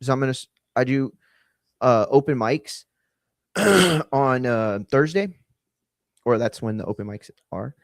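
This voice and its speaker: A man hosting a live stream, chatting loosely and giving offhand shout-outs to viewers. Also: medium pitch, lively intonation, a little slow, gravelly, pauses often, a little hiss or hum. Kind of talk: casual live-stream chat.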